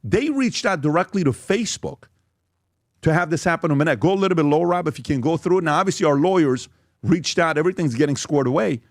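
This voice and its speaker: This podcast host talks fast in a fairly high, expressive voice, going through social media posts and questions on his show with emphasis and frequent "okay?" check-ins. The sound is dry and studio-clean.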